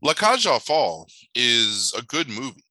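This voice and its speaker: A man telling stories in casual chat, animated, swearing now and then and acting out the voices of people in his anecdotes. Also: mid-range voice, a little slow, no room sound, poor audio.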